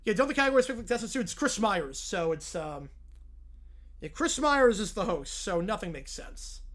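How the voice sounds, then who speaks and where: A man's voice: sits high, big pitch swings, normal speed, a bit bright. A man hosting a live stream, chatting casually and laughing between laid-back asides.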